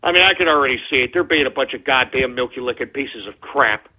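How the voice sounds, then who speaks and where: Ranting radio host guy, swears a lot and yells, raspy voice, sounds like it's coming thru a phone. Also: medium pitch, fast talker. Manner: ranting, cursing, bursts into shouting. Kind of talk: internet radio talk show. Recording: tinny phone-like lo-fi audio.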